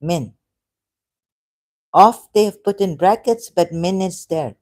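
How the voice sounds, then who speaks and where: A woman on a live stream, thinking aloud in a halting, hesitant way and correcting herself as she goes. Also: fairly low pitch, a little mellow, dry recording.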